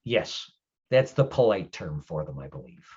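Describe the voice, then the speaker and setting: A man playing a gruff, grumpy older male changeling lord who speaks bluntly and swears in halting explanations. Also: sits low, sing-song, darkish tone, dull audio, pitched below the performer's own voice, full character voice. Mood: stern.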